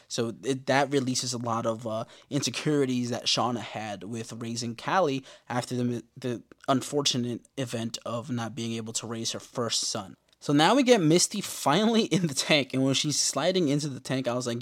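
A man's voice: mid-range voice, fairly bright tone. Laid-back man recapping a TV show. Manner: slangy, laid-back, quick asides. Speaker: TV episode recapper.

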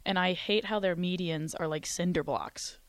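Young female co-host, light Texas twang, chatty, lower register, dry mic. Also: moderate pace, dry recording. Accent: light Southern Texas twang. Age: young adult. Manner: chatty, laughs often. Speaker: radio show co-host. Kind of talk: casual radio chat. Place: radio studio. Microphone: studio microphone.

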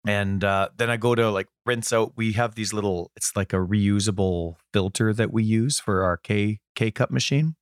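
A man in his thirties co-hosting a gaming podcast, a bit hoarse, rambling casually through stories from home. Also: fairly low pitch, moderate pace, few pauses, no echo, clean studio sound. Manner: rambling, chatty storyteller. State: hoarse from a sore voice. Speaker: podcast co-host. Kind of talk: casual chat.

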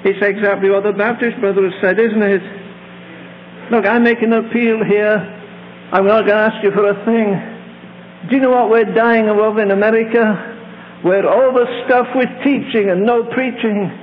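A man's voice: high-pitched, fairly even intonation, normal speed. An older man preaching a fervent sermon, pleading with the congregation and telling stories. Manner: fervent, pleading, tells anecdotes with put-on voices. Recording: tinny old tape in a large hall with hum.

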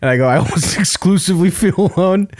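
A man's voice: high voice, fast, darkish tone, no echo, clean studio sound. A man telling comic stories in casual chat, reading out dating-app messages and laughing often. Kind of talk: casual comedic storytelling.

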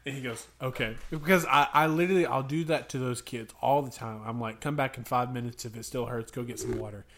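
A man's voice: medium pitch, fairly even intonation, fairly quick. A young man co-hosting a podcast, chatting casually and telling funny stories with voices for the kids. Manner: storytelling, acting out kids' voices, laughing. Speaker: podcast co-host. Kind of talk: casual chat.

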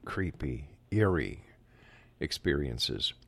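A man hosting a long-running radio talk show, asking slow, halting questions. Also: a bass voice, very animated, gravelly, breathy edge, dry recording.

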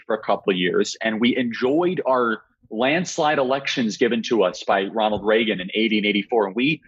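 Fast-talking, emphatic young man. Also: fairly low pitch, fairly bright tone, breathy edge, dull audio. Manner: emphatic, rapid argumentative delivery. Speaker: guest, political activist. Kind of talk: political interview.

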